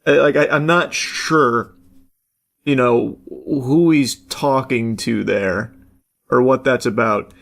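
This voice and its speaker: A man's voice: medium pitch, takes it slowly, vocal fry. A man hosting a casual reaction commentary, rambling along with jokey asides and casual swearing. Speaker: host.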